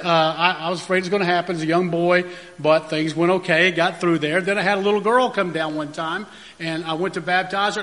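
A man's voice: high-pitched, fairly bright tone. A man, a pastor, telling folksy anecdotes in a sermon, with frequent fillers and restarts. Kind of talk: storytelling sermon. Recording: long reverb of a large room.

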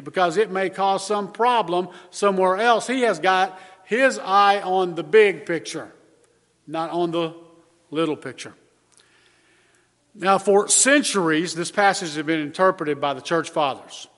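Male pastor, sermon delivery, fairly high voice, earnest and measured, long reverb. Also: fairly bright tone. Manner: earnest, measured preaching with repeated emphasis.

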